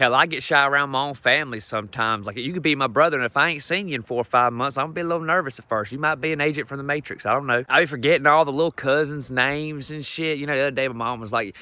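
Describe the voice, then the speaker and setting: Fast, brash stand-up comic. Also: male voice, mid-range voice, pushed and bright, no echo. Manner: brash, profane, self-deprecating. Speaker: stand-up comedian. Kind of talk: stand-up comedy.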